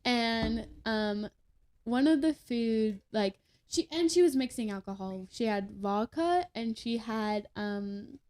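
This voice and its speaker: Young woman, podcast guest, a touch high-pitched, rambling casual storyteller. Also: lively intonation, slow, darkish tone. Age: young adult. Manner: chatty, laughing, many fillers and restarts.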